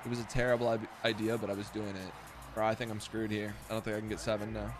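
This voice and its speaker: A young man giving loud, profane, self-mocking commentary while streaming a football video game. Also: fairly low pitch, level tone, fast, over music. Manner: profane, self-mocking trash talk with sudden outbursts. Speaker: gaming streamer. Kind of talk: live gameplay commentary.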